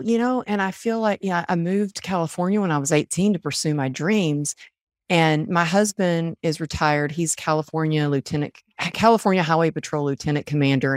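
A woman's voice: sits low, normal speed, no room sound, clean studio sound. A middle-aged woman from Texas, telling stories in a casual interview and acting out what people said. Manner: animated storyteller, acts out quotes. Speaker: podcast guest, author and coach.

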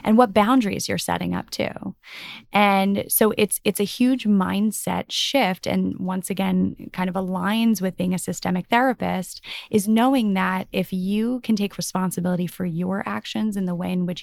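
A woman couples therapist with a gravelly, fry-tinged voice, talking as a podcast guest. She agrees emphatically and then explains things patiently and at length. Her voice comes across close and dry. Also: medium pitch, darkish tone, no echo. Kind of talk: conversational interview guest.

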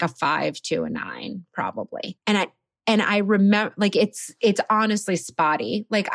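A woman in her thirties casually telling her birth story as a podcast guest, animated and laughing often. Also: on the low side, no room sound, studio quality.

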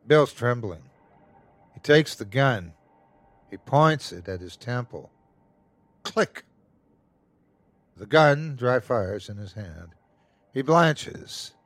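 A man hosting and narrating a horror story in the first person with a slow, tense delivery. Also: mid-range voice, lively intonation, a bit bright, no room sound, faint music behind. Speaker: host and narrator.

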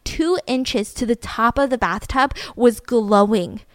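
A woman's voice: fairly high pitch, unhurried, no room sound, clean studio sound. A young adult woman hosting a podcast, telling a true-crime story casually and animatedly, full of filler words. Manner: animated, heavy use of "like" fillers. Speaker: podcast host.

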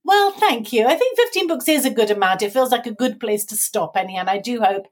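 Chatty woman, lively tag questions. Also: a little high, a little fast. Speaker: author guest. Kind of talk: casual interview chat.

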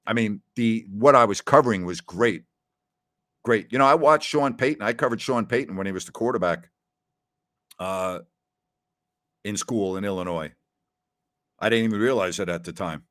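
A man's voice: fairly low pitch, fairly bright tone, dry recording, clean studio sound. A middle-aged man from New York hosting a radio talk show, telling rambling, nostalgic stories with plenty of fillers. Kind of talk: casual call-in show chat.

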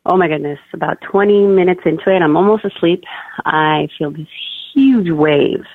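A woman's voice: on the low side, moderate pace, no echo. Chatty young woman over a tinny phone line. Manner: chatty, fills speech with "like" and "you know". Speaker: guest. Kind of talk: personal birth story told in an interview.

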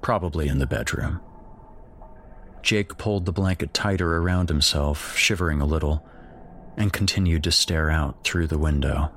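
A man reading a horror story aloud as its narrator in a measured, grave storytelling manner. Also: very deep voice, fairly bright tone, a little hiss or hum.

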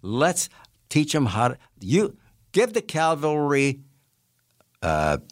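A man's voice: fairly high pitch, slow pace, dry recording, clean studio sound. A man in his eighties, a character actor telling showbiz anecdotes in an interview, acting out the voices as he goes. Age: 80s. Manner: animated storyteller who acts out voices and laughs often.

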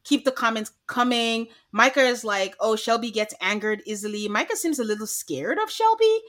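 Bright, animated woman recapping a show. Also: a little high, moderate pace. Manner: animated, acts out quotes from the show. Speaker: podcast co-host. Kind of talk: casual recap chat.

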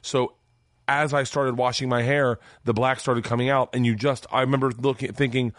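Man, 40s, podcast guest, swearing raconteur, lively voice, dry close sound. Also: normal speed, no room sound. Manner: animated, profane, jumps high when quoting himself. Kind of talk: storytelling in casual chat.

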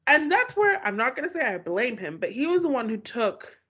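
A woman's voice: a little high, sing-song, a little fast, a bit bright, slightly rough. A woman co-hosting a casual podcast, sounding exasperated and trailing off as she reacts to a scene. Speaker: podcast co-host. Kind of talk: casual recap chat. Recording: dull, muffled sound.

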